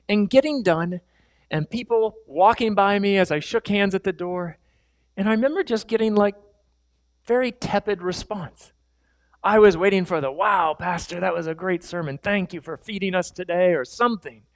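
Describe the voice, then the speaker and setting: A man's voice: high voice, no echo. A middle-aged male pastor preaching a sermon, telling personal stories in a candid, self-deprecating way. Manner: candid, self-deprecating storytelling with quick laughs. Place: church sanctuary.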